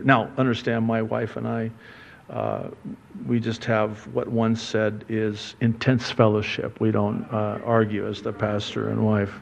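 Slow, earnest preacher man, dull recording. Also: mid-range voice, gravelly. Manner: conversational preaching with playful asides and acted-out quotes. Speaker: pastor. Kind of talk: sermon. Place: church sanctuary.

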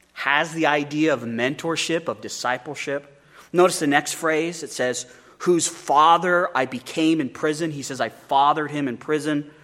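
Earnest preaching man with a higher voice. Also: fairly bright tone. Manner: earnest, repeats words when starting phrases. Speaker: pastor. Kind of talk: sermon.

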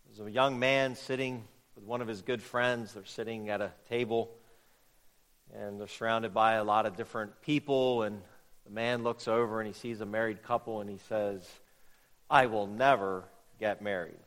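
A pastor delivering a sermon, moving from telling a story to emphatic preaching with repeated phrases. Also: male voice, lowish voice, fairly even intonation, normal speed, a bit bright. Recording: long reverb of a hall.

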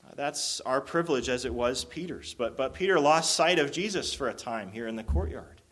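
A man's voice: mid-range voice, animated, moderate pace, a bit bright. A man preaching a sermon, explaining a Bible passage in an earnest, conversational way with frequent restarts. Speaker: pastor.

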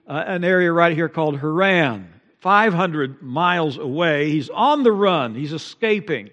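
A middle-aged man preaching a sermon as pastor in a church, swinging from hushed tones to loud, emotive peaks. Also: a little high, moderate pace, few pauses, muffled recording. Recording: long reverb in a large hall.

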